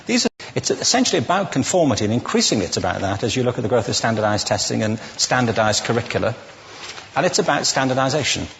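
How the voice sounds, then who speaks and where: A man's voice: medium pitch, in a large hall, slight background noise. A man giving a witty, conversational lecture to a live audience, asking the listeners questions as he goes. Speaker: public speaker.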